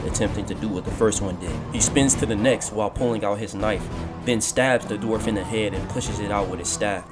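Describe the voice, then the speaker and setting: A man reading a scripted fan-fiction story, calling out the action beat by beat in steady narration. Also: on the low side. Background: background music.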